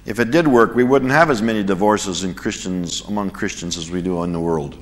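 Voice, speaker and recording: A man teaching a church class, telling a story in an animated sermon style and chuckling at his own jokes. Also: low voice, a little fast, long reverb tail. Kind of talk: sermon with anecdote.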